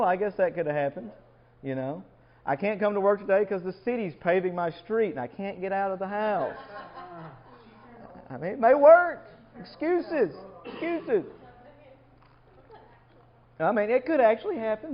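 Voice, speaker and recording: A man giving an informal Bible lesson as a lay preacher, talking conversationally and asking the room questions. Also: a little high. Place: church or coffeehouse meeting room. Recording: dull lo-fi live recording.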